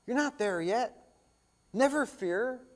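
High-pitched, slow-preaching male pastor. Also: lively intonation. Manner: emphatic, rhetorical questions, loud swells and hushed drops. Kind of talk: sermon with scripture reading.

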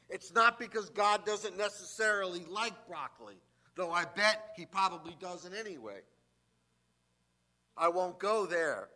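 Male pastor, higher voice with a bright edge, reads scripture and adds wry asides. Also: expressive, measured pace. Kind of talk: sermon with scripture reading.

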